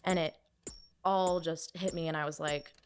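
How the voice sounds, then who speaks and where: A woman's voice: low voice, steady tone, normal speed, slight background noise. A young woman recounting a personal story on a podcast, hesitant, full of "like" and restarts. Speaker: podcast guest.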